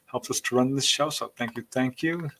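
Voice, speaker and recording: A man's voice: medium pitch, fairly quick, bright, forceful tone. A man hosting a live-stream show, reading out viewer comments in a chatty, thankful way and laughing between them. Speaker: podcast host.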